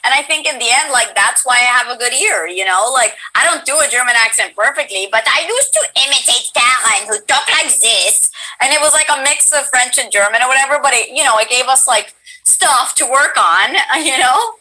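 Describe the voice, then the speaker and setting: A woman with a bright, forceful voice pitched a little high hosts a casual stream chat. She talks in an animated, hyper way and laughs often, heard over a video call. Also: a little fast, rough recording. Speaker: streamer host interviewing a guest.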